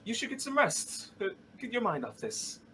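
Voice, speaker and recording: A shaken adventurer, as a man plays him, speaks haltingly in a bright voice that lifts higher as he tries to brush off concern. He comes across as guarded and tired, a character from a tabletop game. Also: huge pitch swings, slight background noise, heavily acted. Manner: halting, hesitant speech.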